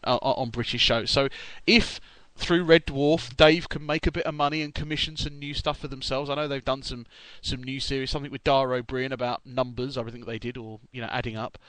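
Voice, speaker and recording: A man's voice: mid-range voice, a bit bright, smooth, dry recording, rough recording. Chatty British-TV-talking podcast man, dry mic. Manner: chatty, rambling, self-correcting. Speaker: podcast co-host. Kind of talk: casual chat.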